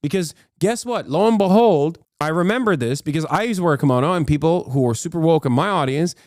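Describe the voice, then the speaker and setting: A man's voice: a little high, lively intonation, a little mellow, no echo, clean studio sound. A man streaming live reaction commentary, ranting combatively, swearing a lot and cutting himself off with fillers. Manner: fast, with many fillers and self-cut swear words. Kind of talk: casual livestream reaction commentary.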